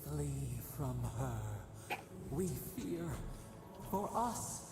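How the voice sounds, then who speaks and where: A woman's voice: sits low, lively intonation, extremely slow, gravelly, heavily acted. A woman voicing a haunting collective spirit that speaks as "we", in game dialogue with music behind. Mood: ominous. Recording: roomy game audio with music.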